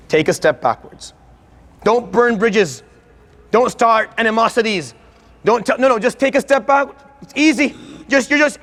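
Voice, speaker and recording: Earnest, high-voiced male lecturer. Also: a bit bright. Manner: earnest, emphatic, gets worked up. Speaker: Islamic lecturer. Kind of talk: religious lecture.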